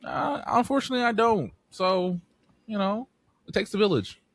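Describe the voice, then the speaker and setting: A young man co-hosting a podcast, telling animated stories in casual chat, swearing freely and acting out voices. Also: sits high, normal speed, no echo, clean studio sound. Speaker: podcast co-host.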